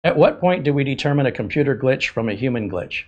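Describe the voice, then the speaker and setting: A man's voice: mid-range voice, lively intonation, lo-fi sound. Casual joking man hosting a tech demo. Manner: hesitant, joking, fills pauses with um and uh. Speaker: tech show host.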